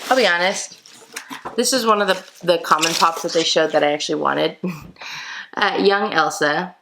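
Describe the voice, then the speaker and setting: A woman vlogger chatting excitedly to her viewers while opening mystery boxes for an unboxing video. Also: on the low side, normal speed, vocal fry, noisy background. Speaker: toy collector vlogger. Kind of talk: casual unboxing vlog.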